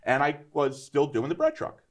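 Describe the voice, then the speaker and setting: A man's voice: fairly high pitch, moderate pace. Man in his 50s, chatty storyteller. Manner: animated storyteller, many "right?" asides. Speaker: guest entrepreneur. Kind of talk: storytelling in a conversational interview.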